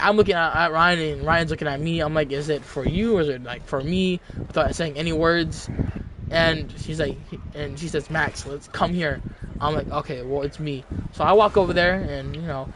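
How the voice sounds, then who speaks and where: Rambling young man telling a story. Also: fairly high pitch. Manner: rambling with many restarts and fillers. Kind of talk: casual storytime. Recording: noticeable background noise.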